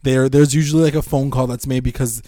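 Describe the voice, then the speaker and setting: A man's voice: medium pitch, steady tone, fast, mellow, no room sound, studio quality. A young man in casual chat, laughing often and adding skeptical asides as he recaps a TV episode. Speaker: podcast co-host.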